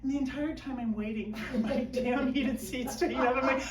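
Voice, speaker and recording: Over a noisy crowd, a woman with a high-sitting voice talks at a normal speed, performing self-deprecating stand-up at a small live show and playing out her whiny inner voice. Captured with a slightly distant mic in a roomy space with faint background noise, the clip carries audience laughter.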